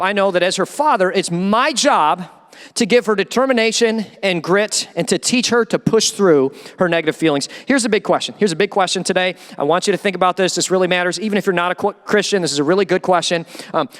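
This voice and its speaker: High-pitched preacher guy, lively, acts out little voices, big reverby church hall. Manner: animated, acts out quoted voices. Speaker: pastor. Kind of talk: sermon. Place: church sanctuary.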